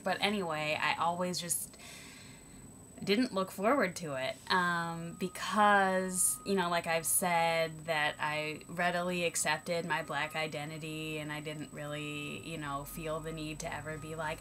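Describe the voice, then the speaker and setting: Speaking unhurriedly in a low, steady, somewhat bright voice, this American vlogger is recorded with a little hiss or hum. The young woman reflects to her camera in a personal monologue, thoughtful and hesitant, often saying um and correcting herself.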